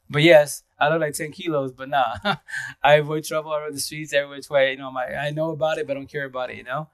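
Talking fast in a higher, somewhat bright voice on a dry recording, this Eastern Washington man hosts a casual livestream. He wanders through slang-filled chatter, laughing a lot and saying hi to viewers by name.

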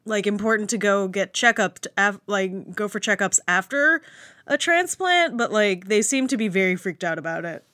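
A woman's voice: mid-range voice, animated, normal speed, bright, forceful tone, dry recording, clean studio sound. A woman co-hosting a casual movie review chat, blunt and exasperated, swearing freely. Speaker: podcast co-host.

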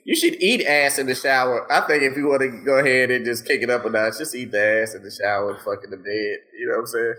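A man's voice: mid-range voice, fast talker, hardly any pauses, bright, forceful tone. A man in casual podcast chat, slangy and profane, laughing often as he tells stories.

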